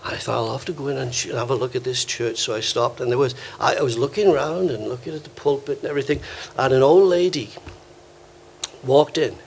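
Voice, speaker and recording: An older Welsh man, a visiting preacher, delivers a sermon in a church hall, spinning warm anecdotes and acting out the quoted voices. His voice sits at medium pitch and moves a little fast, with slight background noise.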